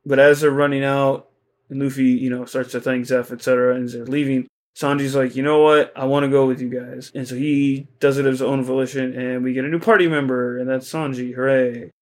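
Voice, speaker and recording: A man talks through a casual podcast recap in a relaxed, offhand way, full of fillers and swear words. His voice sits at an ordinary middle pitch for a man. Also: brisk. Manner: loose, conversational retelling with fillers and casual swearing. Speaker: podcast co-host.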